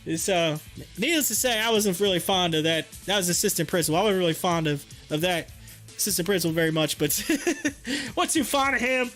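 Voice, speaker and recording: Brief: man in his thirties, very high, bright voice, rambling casual story, faint music under. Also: lively intonation, a little fast. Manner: rambling, repeats words, many fillers. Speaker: live stream host.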